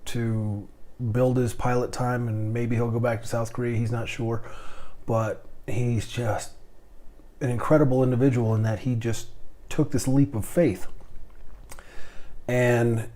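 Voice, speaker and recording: A man's voice: medium pitch, little pitch movement, a little slow, pauses often, mellow. A middle-aged man, a podcast host and airline captain, rambling and stammering through a casual monologue.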